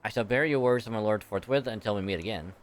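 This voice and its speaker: A man's voice: on the low side, quick pace, soft background music, close to an everyday voice. A man voicing an earnest noble knight in a game, pleading formally for peace. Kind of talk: reading game dialogue aloud.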